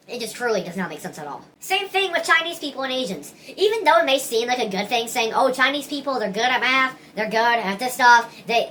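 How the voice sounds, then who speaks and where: Woman vlogging her opinions, kinda high bright voice, rambly and earnest, keeps restarting, faint hiss behind. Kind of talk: casual opinion monologue.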